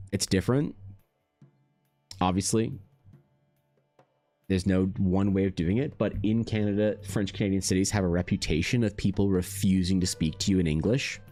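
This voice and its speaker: A man's voice: low voice, darkish tone, no room sound. A man hosting an art live stream, chatting casually with his chat and rambling with lots of fillers. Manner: rambling, many fillers, reads chat aloud.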